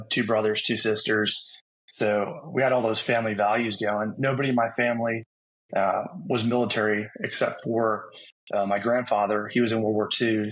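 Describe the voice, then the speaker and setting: A man's voice: on the low side, rough recording. A middle-aged man from Rhode Island with a faded New England accent, a sergeant major guest telling his story matter-of-factly. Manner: even-toned, matter-of-fact storytelling. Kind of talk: casual interview chat.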